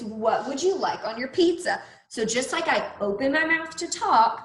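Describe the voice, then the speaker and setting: A woman's voice: on the high side, echoey room, poor audio. A woman teacher leading a grammar lesson for young children, drawing out key words and asking questions as she goes. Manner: animated, questioning, drawn-out emphasis. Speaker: elementary school teacher.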